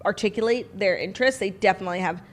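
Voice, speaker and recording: A woman's voice: mid-range voice, very fast. A woman co-hosting a casual chat show, playful and chatty, sometimes mimicking a prince. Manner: playful, chatty, slips into a mock British prince voice. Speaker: podcast co-host. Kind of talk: casual chat with comic royal impressions.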